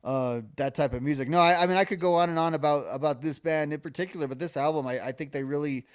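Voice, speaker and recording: A man chatting on a podcast, voice sitting a little high for a man. He rambles, restarts his sentences and fills gaps with "like" and "um." The recording is dry and close, with no room sound. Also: fast talker, smooth, dry recording. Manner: rambling, many restarts and fillers, hums melodies. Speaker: podcast co-host. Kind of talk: casual music discussion.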